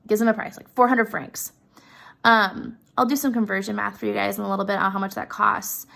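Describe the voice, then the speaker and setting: Chatty woman with a gravelly voice. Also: medium pitch, brisk. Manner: chatty, opinionated, expressive. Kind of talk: casual story retelling.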